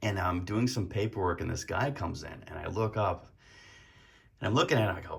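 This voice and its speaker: A man with a deep, low voice tells a story in a relaxed, rambling way, full of fillers and easy laughs. He talks casually to his viewers as a hobby vlogger. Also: a little fast, creaky. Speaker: card collecting vlogger.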